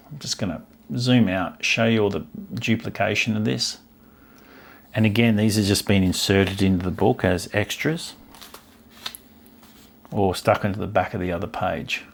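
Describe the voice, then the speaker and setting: A man's voice: fairly low pitch, vocal fry. A man hosting a stamp collecting channel, chatting casually and musing aloud as he pages through an old album, easily delighted by what he finds. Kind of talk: casual chat while browsing an album.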